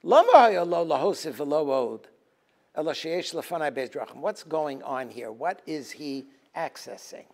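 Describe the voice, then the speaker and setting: A man's voice: fairly high pitch, expressive, normal speed, vocal fry, a little mellow. A man, a rabbi giving a Talmud lecture, moving between quoted Hebrew text and emphatic English explanation. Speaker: rabbi teaching a Tisha B'Av program.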